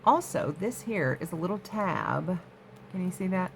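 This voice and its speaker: A woman's voice: lowish voice, expressive, a little slow, creaky, slight background noise. A woman hosting a crafting vlog from her home craft room, chatting casually to viewers and easily sidetracked. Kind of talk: casual show-and-tell chat.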